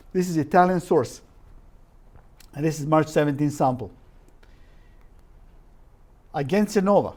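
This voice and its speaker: A man's voice: a little high, darkish tone. Emphatic man lecturing from slides. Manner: reads quotes aloud, stresses words, drops articles. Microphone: live-stream recording.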